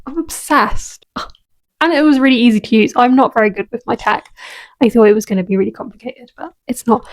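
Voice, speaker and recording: A woman's voice: fairly high pitch, a little fast. A young woman talking through her week in a casual, self-deprecating fitness vlog on a clip-on mic. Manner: chatty, self-deprecating, laughs at herself. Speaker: fitness vlogger. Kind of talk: casual vlog chat to camera. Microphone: clip-on lapel mic held in hand.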